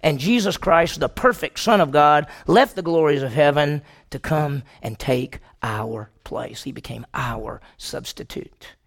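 A man with a gravelly, somewhat high voice preaches a sermon to his congregation, telling a story dramatically. He moves from loud questions to hushed, slow passages.

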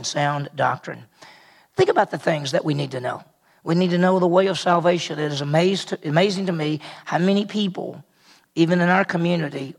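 A man preaching an expository sermon as pastor, unhurried and emphatic, repeating key phrases for weight. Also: sits high, creaky.

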